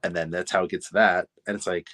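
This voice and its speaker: A young adult man, a podcast guest, telling self-deprecating stories in casual chat with lively retellings. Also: sits low, fast talker, no room sound.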